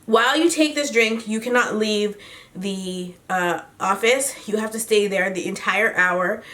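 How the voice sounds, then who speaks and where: A young pregnant woman chatting casually in a vlog, slangy and quick to laugh. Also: medium pitch, fairly bright tone. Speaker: vlogger.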